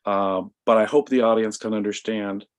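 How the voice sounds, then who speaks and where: A man in a casual discussion, telling a story in an emphatic, animated way. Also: lowish voice, moderate pace, clear, resonant tone. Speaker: guest commentator.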